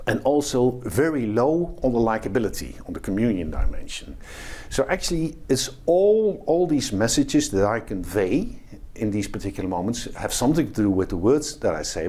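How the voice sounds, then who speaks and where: A man's voice: on the low side, a little mellow, slightly rough. A man, a professor, explains a topic to camera in a video lecture and demonstrates what he describes as he talks. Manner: explanatory, demonstrates behaviours while talking. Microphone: camera facing speaker.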